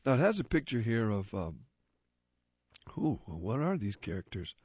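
A man's voice: on the low side, big pitch swings, normal speed, darkish tone, slightly rough, no echo. A man reading a magazine aloud for a radio reading service, describing the pictures off the cuff in a casual way. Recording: muffled lo-fi recording.

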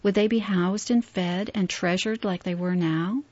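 Woman narrating a story, steady and measured. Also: mid-range voice, no room sound. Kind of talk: audiobook narration. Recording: dull, dry lo-fi recording.

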